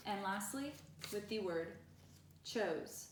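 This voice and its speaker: Woman, teacher, grammar lesson, slow deliberate example sentences, far from the mic, roomy echo. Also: medium pitch, expressive, slight background noise. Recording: echoey room, voice far from the mic.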